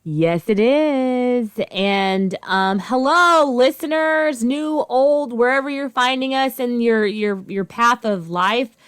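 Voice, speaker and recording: A woman in her thirties co-hosting a podcast in casual chat, expressive and swearing freely, swinging between loud and quiet. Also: fairly high pitch, takes it slowly, hardly any pauses, clean tone. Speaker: podcast co-host.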